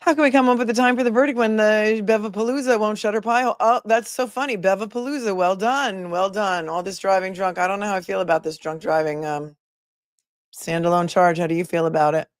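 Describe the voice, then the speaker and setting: A woman's voice: medium pitch, fairly even intonation, brisk, dry recording, studio quality. Chatty woman hosting a livestream. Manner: chatty, reads out comments, asides to viewers. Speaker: attorney and livestream host. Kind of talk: casual livestream chat reading viewer comments. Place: home in a remote area.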